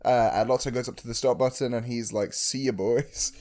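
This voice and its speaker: Podcast co-host, man, mid-pitch, hesitant and halting recap with many fillers. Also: level tone, dark tone. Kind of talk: casual chat retelling a film.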